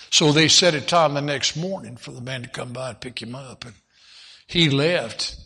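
Gravelly bright-voiced preacher telling a story. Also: male voice, medium pitch, normal speed. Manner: folksy, animated, retells with many quotes. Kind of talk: sermon storytelling.

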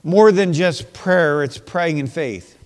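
Male pastor, slightly high voice, sermon delivery with emphatic repetition, long church reverb. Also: animated, slow pace. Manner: preaching with rising emphatic bursts and repetition. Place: church sanctuary.

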